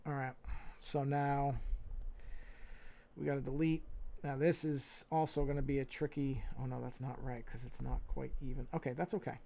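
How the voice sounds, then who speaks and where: Male streamer, New York accent, dark gravelly voice, talks himself through the work. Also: mid-range voice, little pitch movement, normal speed. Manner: thinking aloud, muttering and humming to himself. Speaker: digital artist streaming his drawing. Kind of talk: casual live-stream narration while drawing.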